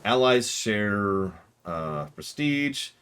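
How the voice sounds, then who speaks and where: Animated joking male streamer. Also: fairly low pitch, extremely slow, clear, resonant tone. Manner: joking and sarcastic, talks back to the game. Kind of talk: casual gameplay commentary.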